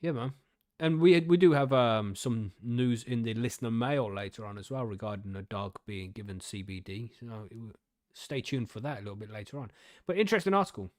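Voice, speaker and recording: Laid-back joking British podcast host. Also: male voice, medium pitch, expressive, a little fast, darkish tone, no room sound, studio quality. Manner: laid-back, joking, says "man" often. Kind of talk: casual chat and news reading.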